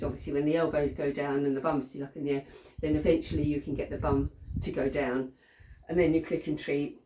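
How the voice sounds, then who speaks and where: A chatty woman explains dog training in a casual lesson, laughing often and checking in with "okay". Her voice is low and mellow but moves lively up and down. It sounds roomy and a little distant, picked up by a camera mic across an echoey room. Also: slight background noise.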